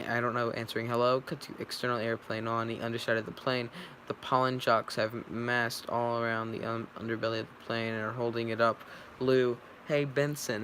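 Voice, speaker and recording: A man's voice: medium pitch, fairly bright tone, slight background noise, poor audio. A man reading a film script aloud, stage directions and all, often stumbling and correcting himself. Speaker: script reader. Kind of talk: casual read-through of a film script.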